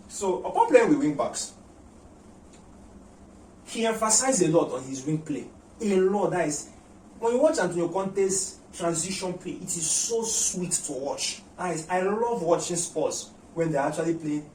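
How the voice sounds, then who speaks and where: A man breaks down an upcoming football match as an analyst, lively and repetitive, leaning on "you know" as he goes. His voice sits a little high for a man. He is recorded in a roomy space, a little away from the mic, with a faint hum of room noise behind him. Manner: animated, repeats words, many "you know" fillers. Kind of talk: tactical match preview. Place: room at home. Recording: roomy echo, mic at a distance.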